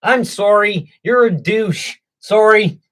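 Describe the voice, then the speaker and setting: A man's voice: sits high, slow pace, a bit bright, rough recording. A man co-hosting a casual political chat show, sarcastic, profane and jokey. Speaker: co-host.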